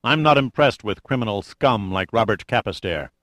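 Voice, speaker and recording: A man's voice: on the low side, animated, moderate pace, a bit bright, no echo. A man playing a cocky, sarcastic American adventurer. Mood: defiant. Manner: casual, sarcastic, blunt.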